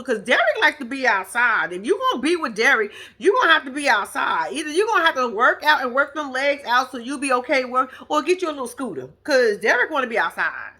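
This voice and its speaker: A woman's voice: fairly high pitch, pushed and bright. A woman giving casual, profane reaction commentary on a reality show, with laughing asides.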